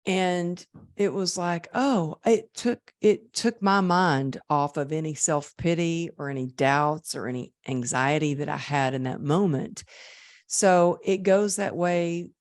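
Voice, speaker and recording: Low-voiced woman telling stories. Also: a little slow, dry recording, studio quality. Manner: lively, acts out quoted voices. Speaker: podcast guest. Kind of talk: conversational storytelling.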